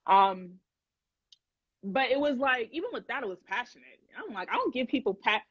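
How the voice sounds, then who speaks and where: A woman's voice: fairly high pitch, animated, moderate pace, a bit bright, breathy edge, no echo. A young woman hosting a livestream, chatting casually and animatedly with viewers in slangy talk, laughing often. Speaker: livestream host. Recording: dull lo-fi dry sound.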